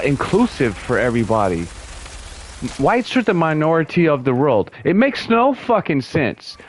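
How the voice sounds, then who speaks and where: A man's voice: on the high side, slight background noise. A man from the United States chatting loosely while streaming a game, rambling, restarting sentences and chuckling now and then. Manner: slow, drawn-out delivery. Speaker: gaming livestreamer. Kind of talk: casual livestream chatter.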